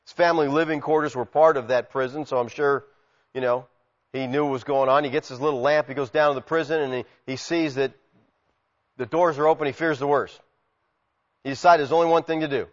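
A man preaching a sermon, animated, acting out quotes and swinging from loud shouts to quiet asides. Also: a little high, a little fast. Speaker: pastor. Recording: muffled sound with long hall reverb.

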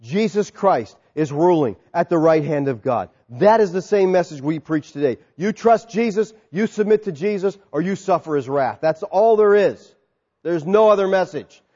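Animated high-voiced preacher in a reverberant hall. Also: male voice, moderate pace. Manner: soft, quiet prayer. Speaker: pastor. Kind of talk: sermon. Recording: long hall reverb, dull sound.

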